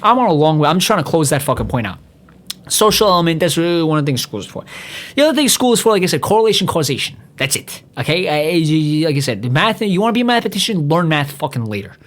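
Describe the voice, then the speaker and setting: A man's voice: a little high, sing-song, fast, a bit bright. A young man from New hosting a podcast alone, ranting with lots of swearing, rambling and stumbling over his words. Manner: rambling, profane, stumbles and restarts often. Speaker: podcast host. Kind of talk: profane solo rant.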